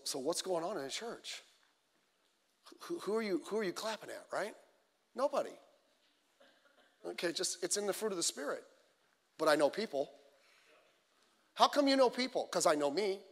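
High-voiced man preaching in a hall. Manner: conversational, animated storytelling with acted quotes. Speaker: pastor. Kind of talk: midweek sermon. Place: church sanctuary. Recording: long reverb of a church hall.

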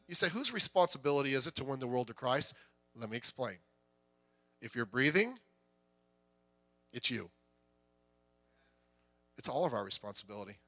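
A middle-aged man, a pastor, preaching a conversational, joking sermon with lively delivery. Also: a little high, quick pace, pauses often.

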